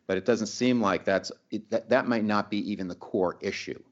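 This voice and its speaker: A man interviewing a guest in casual conversation, halting and restarting as he plays out examples. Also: lowish voice, dull audio.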